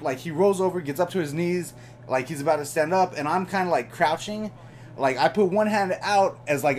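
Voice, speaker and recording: Young guy vlogging a storytime, excitable and slangy, kinda high voice, says bro a lot. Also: a little hiss or hum. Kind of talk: casual storytime monologue.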